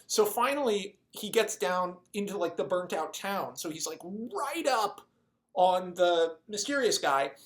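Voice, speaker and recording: A casual storyteller rambling through a made-up movie plot, full of swearing and little acted-out snippets of dialogue. The voice sits at an ordinary middle pitch. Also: lively intonation, unhurried, a bit bright. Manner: rambling, profane, acts out the characters' lines. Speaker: video creator pitching a movie idea.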